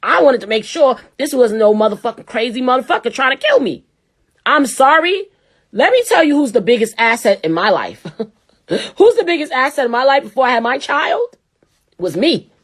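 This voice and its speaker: A woman host giving blunt, profane, heated commentary to her viewers. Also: fairly high pitch. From New York. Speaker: show host. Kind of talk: ranting commentary.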